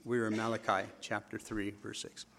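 Gravelly pastor preaching. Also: male voice, fairly low pitch, normal speed. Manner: preaching with animated voiced quotes and asides. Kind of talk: sermon.

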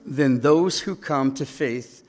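A man's voice: medium pitch, slow pace. A man preaching a sermon as pastor, chatty and joking, often tagging lines with "okay?" and "right?". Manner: chatty, joking, leans on tag questions. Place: church sanctuary. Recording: long reverb of a church hall.

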